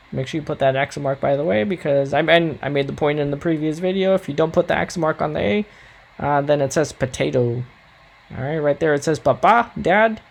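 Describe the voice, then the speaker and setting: A man's voice: a little high, vocal fry. A man teaching a recorded Spanish grammar lesson, coaching students patiently and checking in often with "all right?".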